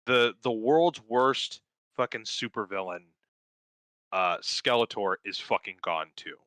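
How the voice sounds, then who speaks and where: Bright, crisp-voiced man in casual chat. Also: on the low side, measured pace, no echo, low-quality recording. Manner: profane, enthusiastic, rambling with fillers. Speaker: podcast co-host. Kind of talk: casual chat, recapping a cartoon series.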